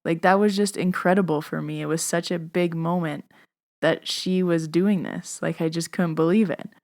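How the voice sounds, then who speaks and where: A woman's voice: lowish voice, normal speed. Chatty woman podcast host telling a story. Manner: chatty, animated, lots of "like". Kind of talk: casual storytelling.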